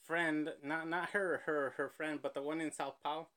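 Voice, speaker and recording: A man's voice: on the high side, level tone, normal speed, fairly bright tone. A man hosting a casual reaction show, rambling and joking between clips. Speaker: host reacting to a video.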